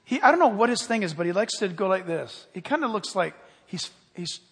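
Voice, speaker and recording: An older man preaching a sermon with fervor, rising loud on key points and dropping quiet. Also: high voice, very animated, a little fast, breathy edge. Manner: fervent, swells loud on key points then drops quiet. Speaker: pastor. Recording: long hall reverb.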